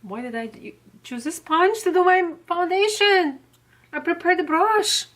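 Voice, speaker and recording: A middle-aged woman guest chatting casually, brisk and talking to herself as she hurries. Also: extremely high pitch, lively intonation, fairly bright tone. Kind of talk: casual chat.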